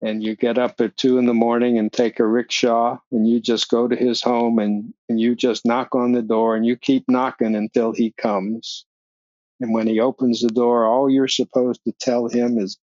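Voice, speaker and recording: An older man sits as a guest and tells stories with relish, jumping into the voices of others and laughing along the way. His voice sits at a middle pitch. The recording is dry and a little dull. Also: normal speed, no echo. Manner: animated storyteller, acts out quoted voices, laughs often. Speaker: podcast guest. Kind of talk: storytelling in a casual interview.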